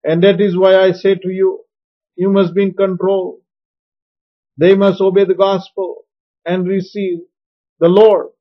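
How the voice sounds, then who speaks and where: A man preaching a teaching sermon on sharing faith, slow and emphatic in his instructions. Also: high-pitched, level tone. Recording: dull lo-fi recording.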